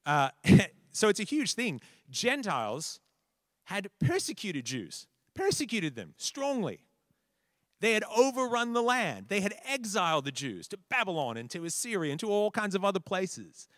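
A man preaching a conversational sermon, animated, repeating words for emphasis and checking in with listeners. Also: sits high, normal speed, dry recording, clean studio sound.

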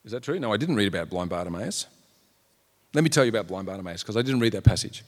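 A man's voice: fairly low pitch, lively intonation, fast talker. Earnest preacher man in a reverberant hall. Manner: earnest, acts out quotes in raised voices. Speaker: pastor. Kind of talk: sermon.

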